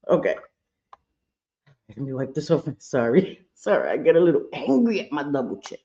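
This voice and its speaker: A woman with a warm, mellow voice talks through her makeup routine in a relaxed, chatty way. She is candid and playful and throws in sassy little asides. The sound is a bit dull and lo-fi, like a home recording. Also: lowish voice, moderate pace. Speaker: makeup vlogger. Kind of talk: casual makeup tutorial chat.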